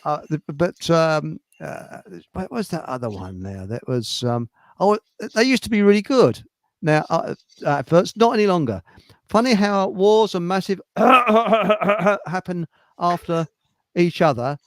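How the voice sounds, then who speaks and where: A man's voice: high voice, expressive, a little slow, no echo, studio quality. A man in a casual chat who rambles and hesitates, with many fillers.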